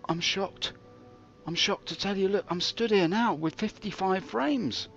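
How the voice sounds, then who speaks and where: A man streaming a game, telling theatrical, jokey stories with big swings in pitch. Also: moderate pace, fairly bright tone, dull audio, faint music behind. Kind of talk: rambling live-stream commentary.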